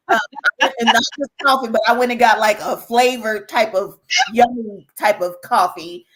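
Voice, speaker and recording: A woman speaks as a podcast guest, her voice sitting on the higher side. She tells her story in an animated, conversational way, circling back over her words and turning to address listeners directly. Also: normal speed, rough recording. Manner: animated, repeats herself, talks straight to listeners. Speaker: guest, author. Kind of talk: casual interview storytelling.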